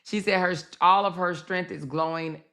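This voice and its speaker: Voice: medium pitch, fairly even intonation, normal speed, pushed and bright, smooth. A host commenting casually on a livestream clip, chatting straight to the audience.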